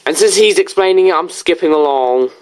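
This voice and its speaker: A woman giving casual commentary over a reaction video, blunt and sarcastic, quick to correct others. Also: on the low side, animated, a little mellow, slight background noise.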